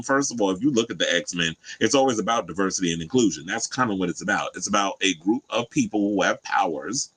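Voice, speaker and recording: A man hosting a casual celebrity gossip commentary, chatty and animated, jumping up in pitch for emphasis. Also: quick pace, slightly rough, poor audio. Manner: animated, chatty, swings high for emphasis and quoted asides. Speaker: host.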